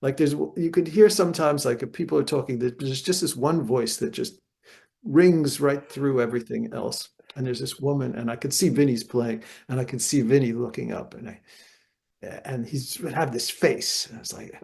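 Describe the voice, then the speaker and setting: An older man with a gravelly, fry-laced voice is a guest in an interview. He tells lively anecdotes and slips into other people's voices as he goes. His pitch sits in the middle for a man. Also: moderate pace. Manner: animated anecdotes, acts out voices. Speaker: guest jazz guitarist. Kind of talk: storytelling interview.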